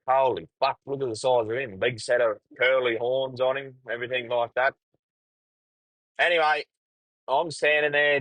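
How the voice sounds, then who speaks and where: A man's voice: medium pitch, pushed and bright, no echo, rough recording. A young Australian man hosting a podcast, telling a rambling, profane yarn in casual storytelling style. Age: young adult. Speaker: podcast host.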